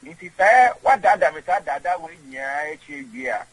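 A man's voice: on the high side, sing-song, moderate pace, slightly rough, no echo, poor audio. A Ghanaian man being interviewed, rambling and emphatic, often repeating himself. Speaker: guest. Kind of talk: casual interview chat.

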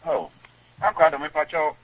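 A man's voice: a little high, normal speed, a bit bright, slightly rough, poor audio. A man with a Ghanaian accent, a guest in an interview, who rambles and repeats words. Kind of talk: conversational interview.

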